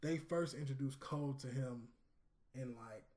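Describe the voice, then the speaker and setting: A man co-hosting a podcast, talking in a steady, measured way as he explains his point. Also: medium pitch. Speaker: podcast co-host. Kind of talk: casual chat.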